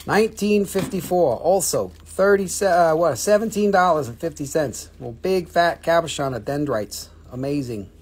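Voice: mid-range voice, lively intonation, normal speed, few pauses, breathy edge. A live-stream rock and mineral seller chatting casually, with joking, profane, rambling sales patter.

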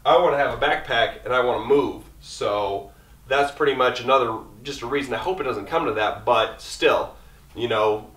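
A man talking quickly and casually through his camping gear, rambling as he goes. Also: mid-range voice, a bit bright, recorded from a distance. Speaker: outdoor vlogger. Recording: echoey room, mic set back.

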